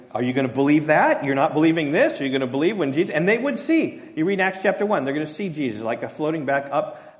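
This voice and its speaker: Pastor preaching in a reverberant hall. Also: male voice, on the high side, darkish tone. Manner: conversational, self-deprecating, acts out quotes. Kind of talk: expository sermon.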